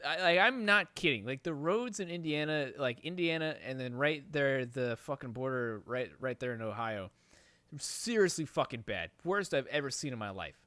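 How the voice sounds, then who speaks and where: A man's voice: mid-range voice, lively intonation, normal speed, dry recording. Swearing young guy telling a rambling story. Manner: rambling, heavy swearing, gets worked up and loud. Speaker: podcast host. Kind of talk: casual storytelling.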